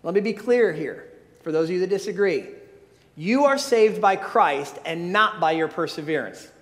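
A man's voice: sits high, lively intonation, normal speed. A pastor preaching a sermon, earnest and emphatic, often restarting his phrases. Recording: long hall reverb.

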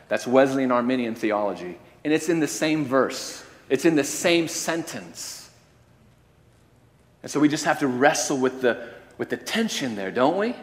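Guy preaching a sermon, mid pitch, goes soft then loud and punchy, long echo like a big church. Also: expressive, normal speed. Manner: varies loudness, rising to emphatic declarations and dropping low. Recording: long hall reverb.

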